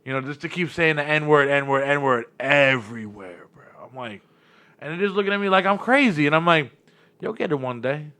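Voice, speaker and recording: A man in his thirties with a New York-area accent, hosting a podcast and telling stories in lively, slangy casual chat. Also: on the high side, moderate pace, smooth. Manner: animated storytelling, slangy, repeats words. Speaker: podcast host.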